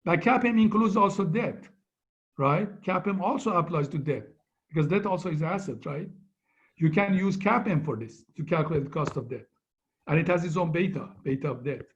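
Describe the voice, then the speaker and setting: A male finance lecturer with a fairly high-pitched voice talks at normal speed over muffled call audio. He is reviewing material in an online lecture. His tone is conversational, and he keeps tacking on "right?"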